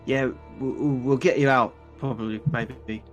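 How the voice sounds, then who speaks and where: A player in a tabletop game who talks hesitantly, pausing on ums. Faint music plays behind. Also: mid-range voice, steady tone.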